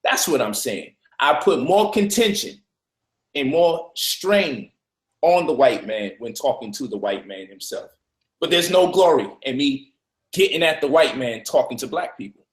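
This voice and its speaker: A man arguing forcefully in a heated discussion, preaching and swearing freely. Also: medium pitch, expressive, a little slow, reverberant. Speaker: speaker in a debate.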